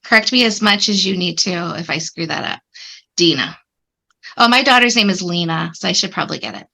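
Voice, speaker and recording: A woman's voice: lowish voice, animated, a little fast, vocal fry, bright, forceful tone, low-quality recording. A middle-aged woman hosting a therapy podcast, upbeat and direct with her guest. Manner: upbeat, apologetic laughter, direct questions. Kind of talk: casual interview chat.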